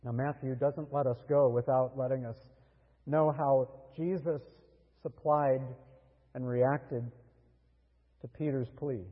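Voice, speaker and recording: A man preaching a sermon as pastor, earnest and deliberate, with dramatic pauses. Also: medium pitch, steady tone, long reverb tail, narrow, tinny audio.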